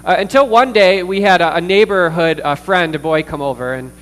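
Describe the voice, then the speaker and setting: Earnest pastor preaching in a reverberant hall. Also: male voice, sits high, a bit bright. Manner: earnest, pausing with fillers and repeated words. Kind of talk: sermon. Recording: distant reverberant hall with mains hum.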